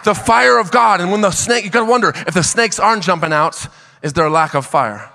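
Guy pastor preaching hard, high voice, big echoey church sound. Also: a little fast, vocal fry, a little hiss or hum. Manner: impassioned preaching, builds to shouting crescendos. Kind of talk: sermon. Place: church auditorium. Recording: church hall reverb.

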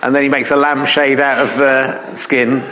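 A man's voice: medium pitch, flat delivery, normal speed, noisy background. A man hosting a live podcast interview on stage, asking questions and tossing in dry jokes. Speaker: podcast host. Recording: roomy live hall, audience.

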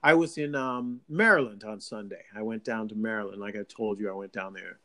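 A man chatting casually as a co-host, rambling and animated with frequent restarts, from Long Island. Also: fairly low pitch, brisk. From Long Island, New York. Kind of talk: casual chat.

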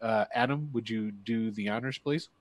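A man acting as game master for a tabletop game, narrating scenes haltingly with lots of fillers and restarts. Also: on the low side, no echo.

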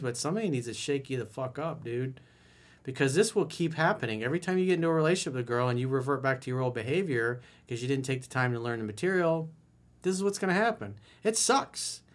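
A man's voice: fairly high pitch, lively intonation, quick pace. A man as a dating coach giving blunt, profane advice in a podcast monologue, roasting the listener.

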